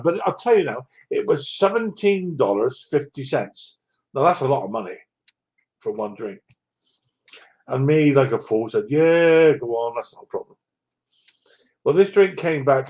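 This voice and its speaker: Wry rambling older man, muffled sound. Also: medium pitch. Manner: rambling, wry and self-mocking. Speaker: vlogger. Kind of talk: casual storytelling.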